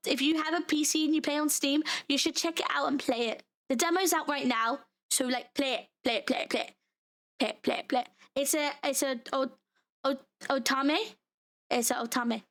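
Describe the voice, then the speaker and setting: A young British woman chatting casually on a livestream, bubbly and giggly, her voice hoarse and giving out. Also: high voice, a bit bright. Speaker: VTuber streamer.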